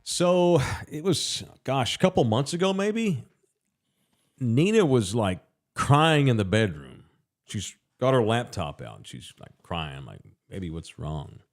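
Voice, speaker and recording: A man's voice: medium pitch, very animated, unhurried. A man hosting a casual podcast, talking in a loose, rambling way with fillers. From San Antonio area. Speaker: podcast host. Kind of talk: casual sports podcast chat.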